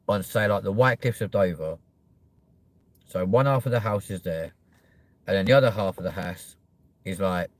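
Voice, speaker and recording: A man's voice: on the low side, dry recording. A young man hosting a live stream, chatting casually and joking with viewers, with plenty of swearing. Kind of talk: rambling live-stream chat.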